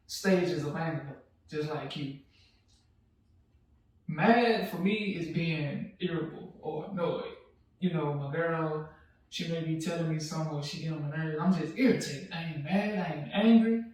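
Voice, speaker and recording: High-voiced man, laid-back, echoey room. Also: moderate pace. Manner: laid-back, relaxed speech with frequent "you know" fillers. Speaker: podcast co-host. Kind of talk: casual podcast chat. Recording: echoey room, mic at a distance.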